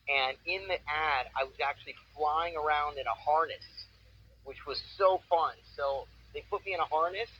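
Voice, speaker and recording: Enthusiastic guy in his 40s, kinda high voice, slightly muffled sound. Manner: upbeat, enthusiastic storytelling. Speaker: voice actor, interview guest. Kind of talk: casual interview. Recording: muffled with faint noise.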